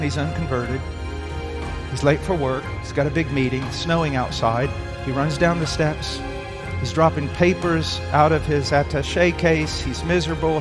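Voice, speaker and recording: A man preaching a sermon with dramatic swings from loud outbursts to hushed tones. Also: a little high. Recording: long reverb in a hall, faint music.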